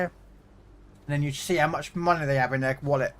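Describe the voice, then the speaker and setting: A man's voice: on the high side, steady tone, fairly quick, pauses often, a bit bright. A middle-aged British man streaming a game, chatting casually in a rambling way full of fillers and restarts. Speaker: gaming streamer. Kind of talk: casual chat.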